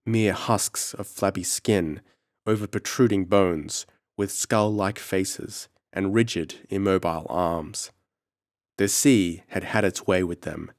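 A man narrating a horror story in a measured, dramatic audiobook reading. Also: low voice, no room sound, studio quality. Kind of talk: scripted narration.

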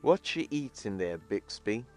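A man's voice: fairly low pitch, big pitch swings, a little slow, darkish tone, soft background music. A man voicing a mocking male farm worker who bullies a coworker, close to his own speaking voice. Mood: taunting.

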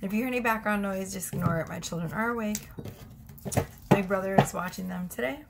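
A young woman reads tarot at home in a brisk, gravelly mid-range voice, chatting, giggling, and breaking into her own sentences. Heavy background noise runs underneath.

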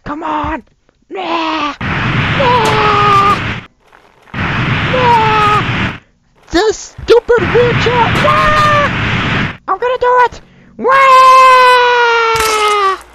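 A young man voicing a shrill, yelling old man in a wheelchair. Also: very slow, pauses often, heavy background noise, heavily acted. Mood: screaming. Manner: high screaming, hollering.

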